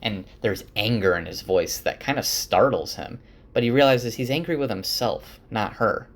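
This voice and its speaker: A man casually retelling a novel's chapters for his wife, chatty and relaxed, with lots of fillers and restarts. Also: on the low side, moderate pace. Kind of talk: casual spoken book recap.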